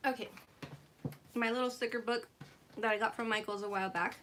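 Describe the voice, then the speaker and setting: A slightly high, fairly bright voice with fairly even intonation moves a little fast, with a bit of hiss or hum in the recording. The young woman hosts a live craft stream, reads comments out loud, and laughs a lot in her casual, giggly chatter.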